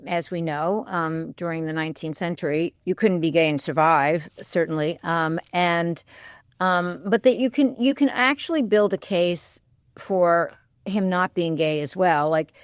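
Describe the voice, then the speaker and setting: A thoughtful woman historian and author speaks at a measured pace in a fairly low, smooth, dry studio voice with no echo. Appearing as a guest on a public radio interview in a radio studio, she's candid and hedges with "I think."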